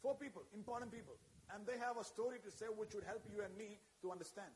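A man's voice: high-pitched, fast talker, slight background noise. A man preaching a sermon to a congregation, fervent and frequently calling out amen and hallelujah while asking the listeners questions.

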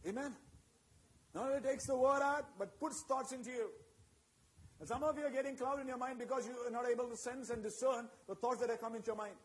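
A man's voice: extremely high pitch, fast talker, poor audio. A man preaching a sermon with emphatic, repetitive phrasing and call-and-response asides to his congregation.

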